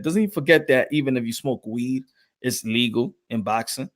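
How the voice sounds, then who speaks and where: A man's voice: a little high, fast. Brief: male boxing podcast host, blunt, mocking, casual.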